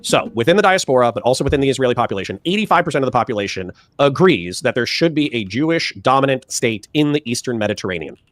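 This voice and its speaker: A man's voice: mid-range voice, very animated, quick pace, few pauses, no room sound, soft background music. A man hosting a debate discussion, talking in a wry, casual way with occasional swearing.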